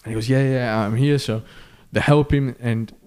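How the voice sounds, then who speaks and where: A man on a podcast, spinning a story in a relaxed, chatty way. He acts out each person's lines with lively swings in pitch and loudness, and he fills the pauses with ums and uhs. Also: clear, resonant tone. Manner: animated storyteller who acts out quoted voices, with fillers. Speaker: podcast co-host. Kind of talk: casual storytelling.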